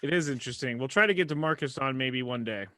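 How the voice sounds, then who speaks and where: Brief: male sports podcast host, playful, steers the talk, crisp bright tone. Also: mid-range voice, fast talker, dry recording. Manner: jokey, animated, running the segments. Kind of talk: casual sports podcast chat.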